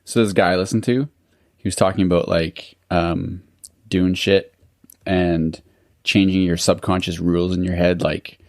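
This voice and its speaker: A man's voice: low-pitched, fairly even intonation, a little slow, darkish tone, no echo, clean studio sound. A man co-hosting a casual podcast chat, rambling, swearing freely and laughing at himself. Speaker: podcast co-host.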